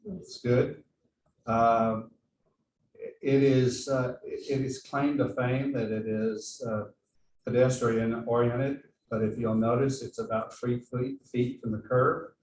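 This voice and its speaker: A man on a board who speaks in a halting way, with restarts, during a meeting discussion. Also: medium pitch, little pitch movement, a little mellow, distant mic. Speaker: board member. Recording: echoey room, off-mic, faint noise.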